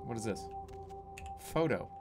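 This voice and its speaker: A man's voice: medium pitch, lively intonation, unhurried, music in the background. A young man giving casual, jokey commentary while playing a video game, easily exasperated. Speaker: streamer. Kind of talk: let's-play commentary.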